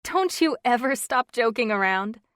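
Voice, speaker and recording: A woman's voice: a little high, expressive, normal speed, a bit bright, smooth, no room sound, studio quality, voice pushed up. A woman reading an audiobook, voicing an emotional young wife in a raised, wobbly, pleading voice. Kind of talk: audiobook character voice.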